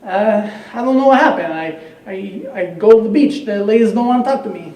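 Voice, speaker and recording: A man's voice: sits high, brisk, dark tone, pitched above the performer's own voice, lightly acted. A man voicing an eager young man in a told joke, in an echoey room from a distance. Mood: baffled. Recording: echoey room, far mic.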